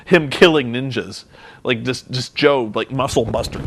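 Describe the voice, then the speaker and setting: A man's voice: mid-range voice, normal speed, slight background noise. A man giving a casual, sarcastic wrestling recap, swearing freely and acting out scenes. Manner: excitable, profane, sarcastic, acts out scenes. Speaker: vlogger reviewing wrestling. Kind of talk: casual commentary.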